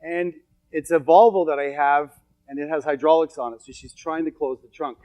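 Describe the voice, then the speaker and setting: A man's voice: a little high, fairly even intonation, normal speed, a little mellow, dull audio. A middle-aged man giving a motivational seminar talk to an audience, telling stories with emphatic, repetitive phrasing. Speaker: motivational speaker. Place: event hall with an audience.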